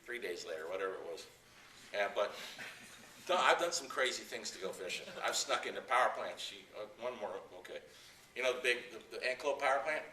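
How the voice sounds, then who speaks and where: A middle-aged man telling fishing stories to a club audience, animated, acting out the people in them and laughing often. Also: lowish voice, a little fast, a little hiss or hum. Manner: animated yarn-spinner, acts out quotes, laughs often. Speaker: guest speaker at anglers club. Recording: echoey room, speaker far from mic.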